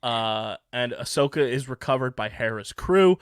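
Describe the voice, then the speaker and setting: A man's voice: mid-range voice, expressive, clear, resonant tone, no echo, studio quality. A man hosting a casual podcast, joking around and reading a sponsor spot with lots of fillers. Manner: jokey, filler-heavy, quick. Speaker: podcast host.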